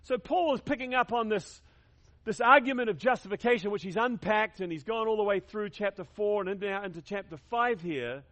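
A man's voice: high-pitched, fairly quick, fairly bright tone. A man preaching a sermon to his congregation, emphatic, repeating key words and leading them in call-and-response. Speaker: pastor.

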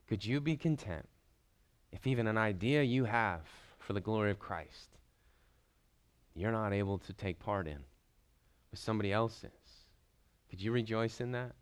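A man preaching a sermon as a pastor, building to slow, emphatic stresses and then dropping back to a soft, quiet delivery. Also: fairly low pitch, clear, resonant tone.

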